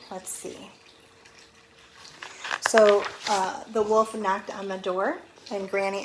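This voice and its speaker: A woman teacher reading a picture book aloud to children, gently explaining words as she goes. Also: mid-range voice, a little hiss or hum, rough recording.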